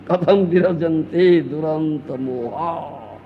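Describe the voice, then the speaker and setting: Animated gravelly man preaching. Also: high voice, slow pace, pauses often. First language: not English. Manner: lively and teasing, acts out the attached householder, asks rhetorical questions. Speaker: spiritual teacher. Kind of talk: scripture lecture with Q&A. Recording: dull lo-fi 1992 lecture tape, faint hiss.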